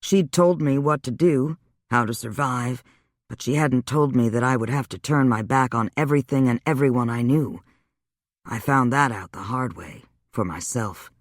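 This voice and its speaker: A man voicing a weary, wry male vampire, speaking low and subdued in a dry audiobook reading. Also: normal speed, no room sound, lightly acted. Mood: rueful.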